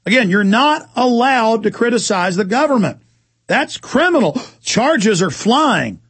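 Gravelly, high-pitched ranting male host. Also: big pitch swings, a bit bright, no echo. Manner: heated, rapid, sarcastic mocking asides. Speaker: talk radio host. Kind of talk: angry political talk show rant.

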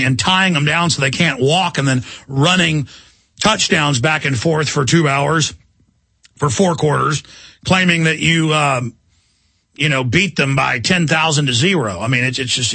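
A man's voice: on the high side, vocal fry, pushed and bright, no room sound. A middle-aged man hosting a radio talk show, ranting in a heated, combative way and hurling insults at listeners. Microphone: studio microphone.

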